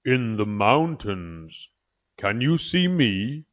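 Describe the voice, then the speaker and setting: A man voicing a big, booming male magic carpet in a children's storybook, grand and slow. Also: big pitch swings, lo-fi sound.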